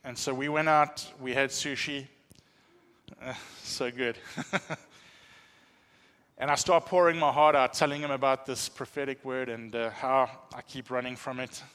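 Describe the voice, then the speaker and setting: A man telling a humorous, animated testimony as a pastor in a church. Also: medium pitch, measured pace, pauses often, clear, resonant tone, long reverb tail. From South Africa. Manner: animated storytelling, self-deprecating humor. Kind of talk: sermon testimony.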